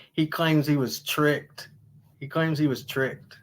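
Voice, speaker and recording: Guy chatting on his live stream, slightly high voice, keeps cracking up laughing, loose and rambly. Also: fairly even intonation, slow pace. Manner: laughs often, retells stories with high squealing impressions; loose, rambling, swears casually. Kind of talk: casual live stream chat.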